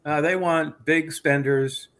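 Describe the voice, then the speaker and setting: A man's voice: fairly high pitch, steady tone, slow pace, a bit bright, smooth. A man telling a heated, profane story in casual chat as the host.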